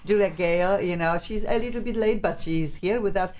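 A woman's voice: on the low side, a little fast, a little mellow, muffled recording. A woman hosting an interview show, effusive and searching for English words. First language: Polish. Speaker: host.

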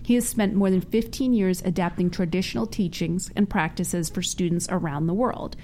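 A woman co-hosting a talk show, chatty and quick to laugh, reading a guest introduction. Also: fairly low pitch, warm tone, a little hiss or hum. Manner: chatty, laughs easily, restarts. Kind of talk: casual chat and read introduction.

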